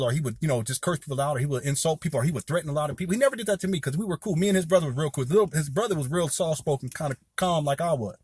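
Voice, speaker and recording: A man in his forties from Southern California speaks straight to his viewers in a fired-up, rambling monologue and keeps calling them "y'all". His voice sits fairly high and has a husky grain. The recording is close and dry. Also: a little mellow, no room sound. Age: 40s. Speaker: video commentator. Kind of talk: impassioned direct-to-camera commentary.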